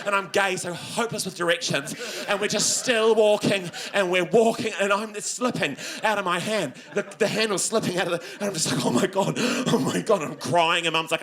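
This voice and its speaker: A young man with a New Zealand accent tells a stand-up story into a stage mic, his voice bright and pushed a little high. He flips between squealing panic and low, gruff voices as he acts out the people in his story. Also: fairly quick, hardly any pauses. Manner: animated, swings between high squeals and low grumbles, acting out characters. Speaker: stand-up comedian. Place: comedy venue with laughing audience.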